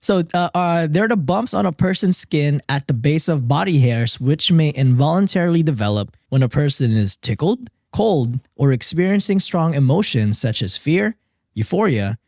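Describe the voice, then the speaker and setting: A man with a fairly high voice that rises and falls a lot hosts a casual podcast. He reads facts out and then jokes about them. The sound is close and dry. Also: animated, moderate pace, hardly any pauses, a little mellow, dry recording. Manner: joking, reads quotes then riffs on them. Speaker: podcast host. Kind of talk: casual podcast chat, reading facts aloud.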